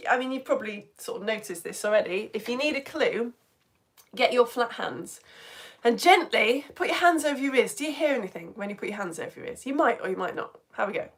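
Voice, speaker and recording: A woman with a slightly high voice teaches a live online lesson for all ages. She is chatty and playful and taps out rhythms as she explains. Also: animated, brisk, a bit bright.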